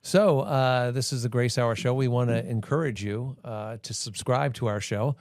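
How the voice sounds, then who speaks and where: A man's voice: mid-range voice, steady tone, normal speed, darkish tone, dry recording, clean studio sound. A man hosting a church podcast, talking in a casual, rambling way full of fillers. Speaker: podcast host.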